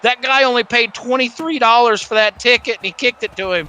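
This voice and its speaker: A man casting a college esports football match live, excitable, joking, and shouting on big plays. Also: extremely high pitch, brisk, clean tone. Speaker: esports caster. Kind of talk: live play-by-play commentary on a video game stream.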